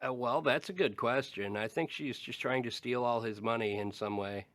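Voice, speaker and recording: A man's voice: medium pitch, fairly bright tone, no room sound, clean studio sound. A man co-hosting a podcast, chatting casually and tossing in wry, mocking asides. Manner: wry, quick joking asides. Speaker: podcast co-host. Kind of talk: casual chat.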